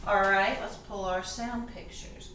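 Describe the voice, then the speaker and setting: A woman tutor walks a learner through a phonics lesson, slow and deliberate as she breaks words into sounds. Her voice sits at a middling pitch and comes from some distance off the mic. The room rings with a noticeable echo, and a faint hiss runs underneath. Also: steady tone. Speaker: reading tutor.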